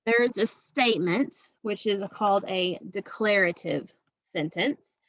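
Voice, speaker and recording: In a recorded remote class, a woman teacher with a mid-range voice guides young students through a lesson a little slowly, steady and patient, tossing in an "okay" every few sentences. The recording is dry and close with no room sound, and slightly dull and muffled.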